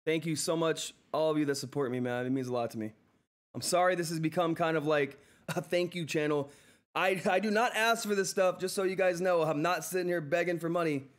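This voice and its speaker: Male livestream host, somewhat high voice, excitable and gushing, laughs between lines, seated at home. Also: brisk. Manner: effusive, thanks viewers over and over, laughs often; excitable, flustered exclamations. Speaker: livestream host reading viewer chat. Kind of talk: live stock-trading stream commentary.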